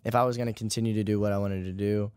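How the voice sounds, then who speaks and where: A man's voice: fairly low pitch, rapid-fire, smooth, no room sound. A young man, a musician guest in an interview, talking casually and rambling with lots of "like" and "you know". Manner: relaxed, rambling, heavy use of "like" and "you know".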